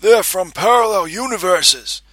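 A man voicing a hoarse, mechanical-sounding brain kept in a vat, in a high, strained voice. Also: lively intonation, unhurried, pushed and bright, no echo, full character voice. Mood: explaining.

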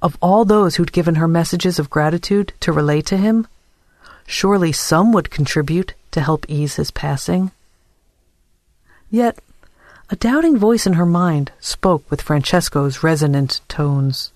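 A narrator reading a story aloud in an even, unhurried way. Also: medium pitch, no echo. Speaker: audiobook narrator. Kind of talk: scripted narration.

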